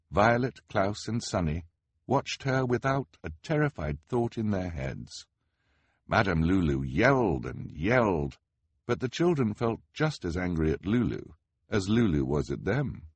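Husky, lively male audiobook narrator. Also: low voice, measured pace, no room sound. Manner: wry and expressive. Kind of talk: scripted storybook narration.

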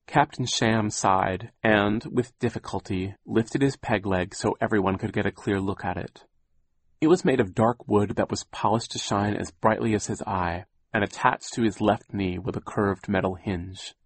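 Husky, wry male audiobook narrator. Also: on the low side, moderate pace, no echo. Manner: wry, deadpan storytelling.

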